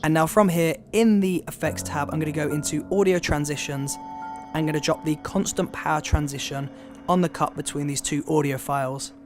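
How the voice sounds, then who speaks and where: A man's voice: fairly high pitch, steady tone, brisk. A man hosting a casual video-editing tutorial, upbeat and explaining step by step. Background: background music.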